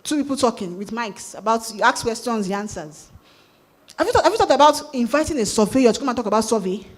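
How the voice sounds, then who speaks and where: A woman with a Nigerian accent giving a sales talk at a conference, lively and asking the audience questions. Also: a little high, quick pace. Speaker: conference speaker. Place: conference hall.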